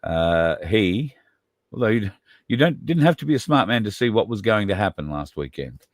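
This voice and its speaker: Low-voiced man rambling on a livestream. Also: animated, moderate pace, dry recording, studio quality. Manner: rambling, conversational, addresses viewers by name. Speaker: podcast host. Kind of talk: casual livestream talk.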